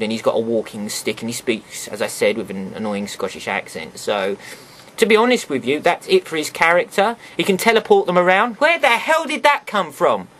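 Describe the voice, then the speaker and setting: Chatty man with lively pitch. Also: a little hiss or hum. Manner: chatty, sarcastic asides to viewers. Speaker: toy reviewer. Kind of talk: casual video review.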